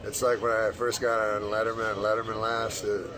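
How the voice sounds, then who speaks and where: A man guesting on a radio talk show, talking in a deadpan, rambling way. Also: lowish voice, brisk, a crowd in the background, low-quality recording. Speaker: comedian guest.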